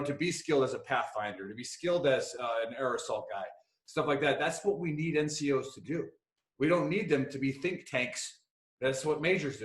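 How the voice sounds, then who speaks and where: A man hosting a casual podcast, rambling and joking with frequent swearing. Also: medium pitch. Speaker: podcast host. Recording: echoey room.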